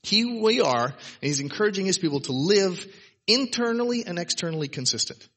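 His high voice is a bit bright and slightly rough, animated and fairly quick. The speaker is a pastor delivering a conversational sermon to his congregation at church, casual and emphatic, with "right?" thrown in here and there.

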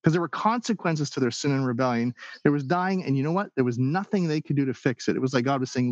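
A man preaching a sermon in an animated way, acting out the people's and God's words as he goes. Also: medium pitch, quick pace, hardly any pauses, no room sound, muffled recording. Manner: animated preaching, acts out quoted voices. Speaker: pastor.

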